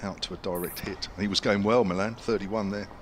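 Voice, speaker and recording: A man calls a cricket match live from an outdoor ground, his voice sitting fairly low. He talks in a chatty way, tossing asides to his partner between deliveries. There is audible noise over the outdoor broadcast audio. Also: fairly even intonation, fairly quick. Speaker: cricket commentator. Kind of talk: live sports commentary.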